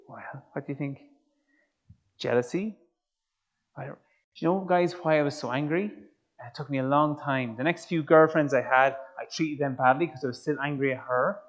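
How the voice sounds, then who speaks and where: An Irishman tells a personal story to an audience in a lively way, asking them questions as he goes. His voice sits fairly high for a man. The recording sounds a little muffled. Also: moderate pace. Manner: animated storyteller, addresses audience directly. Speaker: speaker. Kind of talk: personal testimony talk.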